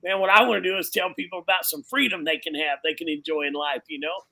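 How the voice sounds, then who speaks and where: A man's voice: on the high side, fairly even intonation, fast, bright, forceful tone, low-quality recording. A pastor speaking casually and animatedly, dropping "man" and "you know" into nearly every sentence. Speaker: pastor and biker ministry guest. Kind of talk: casual conversation.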